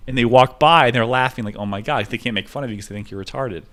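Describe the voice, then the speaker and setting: A man's voice: mid-range voice, fast talker, a bit bright. A young man talking in a rambling, digressive monologue, jumping from topic to topic as he tells stories. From United States.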